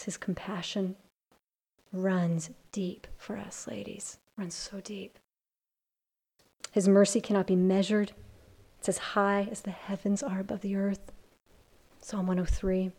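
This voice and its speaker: A woman teaching a Bible study to a group of women, earnest and building from hushed to emphatic. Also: medium pitch.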